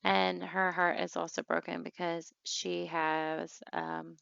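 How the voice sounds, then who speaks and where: A woman's voice: lowish voice, flat delivery, takes it slowly, creaky, fairly bright tone, clean tone, dry recording, highs cut off. A woman giving casual gameplay commentary as a let's play host, emotional and chatty with many fillers and restarts.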